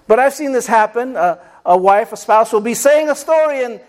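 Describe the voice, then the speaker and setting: A man's voice: very high-pitched, lively intonation, normal speed. A man preaching a sermon, calling for amens and acting out little stories as he goes. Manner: preaching with call-and-response amens and acted-out stories. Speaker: pastor.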